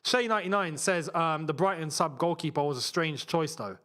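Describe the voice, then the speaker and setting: A man's voice: fairly high pitch, a little fast, fairly bright tone. A man hosting a live football watchalong, commenting casually, reading chat messages and repeating himself in frustrated outbursts.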